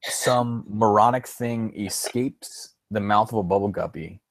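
A man's voice: on the low side, measured pace, no room sound. A man co-hosting a podcast in casual chat, rambling, restarting his sentences and chuckling often. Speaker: podcast co-host.

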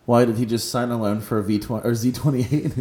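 A man co-hosting a casual talk show, incredulous and swearing, with loud laughs. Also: medium pitch, steady tone, fairly quick. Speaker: podcast co-host. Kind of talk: casual banter. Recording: roomy echo with faint noise.

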